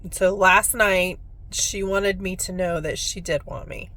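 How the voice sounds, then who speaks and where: A woman's voice: lowish voice, fairly even intonation, a little slow, bright, forceful tone. A woman who works as a spiritual medium, telling a personal story in a heartfelt, reflective way on her vlog.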